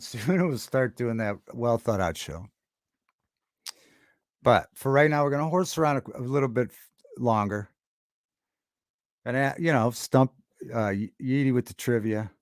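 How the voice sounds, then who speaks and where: A man chats loosely on his own livestream. He starts sentences over and drifts between topics. His voice sits at a middle pitch and sounds close and dry, with no room around it. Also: dry recording. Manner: rambling, halting, with many restarts and chat shout-outs. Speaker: livestream host. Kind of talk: casual livestream chat with viewers.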